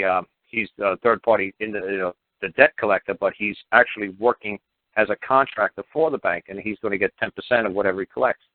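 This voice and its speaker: A man hosting a call-in radio show, lecturing a caller in a blunt, profane way. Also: fairly low pitch. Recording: dry phone-line radio audio.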